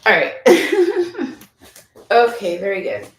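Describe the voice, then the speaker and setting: A woman's voice: mid-range voice, expressive, measured pace, fairly bright tone, slight background noise. A woman yoga instructor guiding a class, upbeat and playful, chatty with whoops and laughter. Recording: echoey room, mic at a distance.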